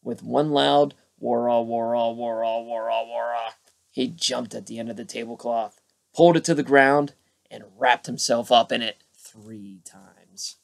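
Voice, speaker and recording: A man reading a children's storybook aloud as a bedtime story, with lively character voices. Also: mid-range voice, measured pace, gravelly. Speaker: storybook narrator.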